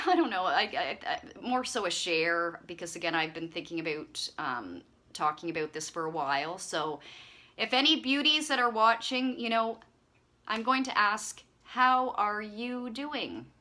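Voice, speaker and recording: A woman hosting her own channel, chatting casually to camera in a rambling, friendly way with lots of fillers. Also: mid-range voice. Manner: chatty, warm-hearted rambling with frequent fillers. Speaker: channel host.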